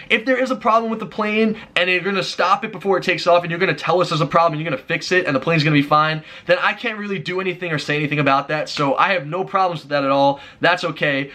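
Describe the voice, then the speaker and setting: Fast, bright-voiced young man ranting. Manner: exasperated storytelling, rising to frantic highs. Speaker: YouTuber. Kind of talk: animated vlog rant.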